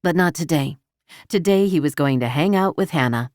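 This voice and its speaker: A woman narrating a romance audiobook in an even, intimate storytelling manner, recorded close to the mic. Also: low-pitched, normal speed, no room sound.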